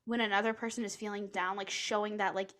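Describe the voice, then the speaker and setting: A woman's voice: mid-range voice, flat delivery, fast talker, fairly bright tone. A woman co-hosting a book podcast, talking in a loose, rambling way full of fillers. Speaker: podcast co-host. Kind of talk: casual chat.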